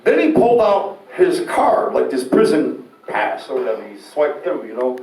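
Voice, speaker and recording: A man telling a candid, profane personal story in an animated way, getting loud and shouting at dramatic moments. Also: medium pitch, normal speed. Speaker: storyteller guest. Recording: roomy echo, distant mic, faint noise.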